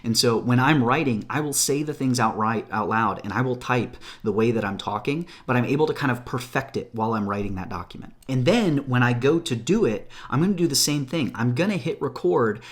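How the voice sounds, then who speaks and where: A man's voice: mid-range voice, lively intonation, a little fast, hardly any pauses. A man coaching viewers on video tips, talking with energy and gesturing with his hands. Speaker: social media coach. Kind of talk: direct-to-camera tips video. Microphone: phone or camera, recorded at home.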